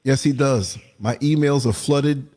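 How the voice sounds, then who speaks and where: A man hosting a casual livestream talk show, telling lively stories and often checking in with "you know what I mean". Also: mid-range voice, a little slow. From United States. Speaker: podcast host.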